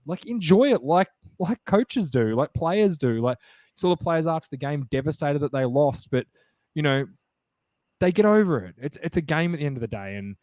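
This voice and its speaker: A male podcast co-host in casual sports chat, rambling and excitable, full of fillers and restarts. His voice sits mid-range and sounds dry and close to the mic. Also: mid-range voice, no echo.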